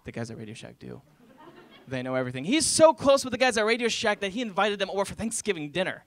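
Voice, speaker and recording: A man in his twenties with a slightly high voice talks quickly through a college stand-up set. He tells stories and acts out relatives and strangers on stage for a laughing audience.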